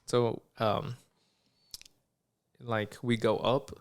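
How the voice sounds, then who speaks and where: A young man, a podcast co-host, telling a story in casual chat, animated, acting out the people in it and swearing freely. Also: medium pitch, drawn-out words, clear, resonant tone.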